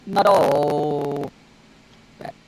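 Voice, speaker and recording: A man voicing a sweet young woman from a fan fiction story, in a slow, drawn-out, mock-tender delivery. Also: on the high side, a little hiss or hum, low-quality recording.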